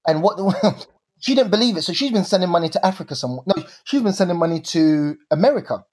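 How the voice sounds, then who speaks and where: A young man, co-hosting a podcast and telling stories in a lively, slangy way. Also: high voice, quick pace, husky. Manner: animated storyteller, slangy. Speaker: podcast co-host. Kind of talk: casual chat.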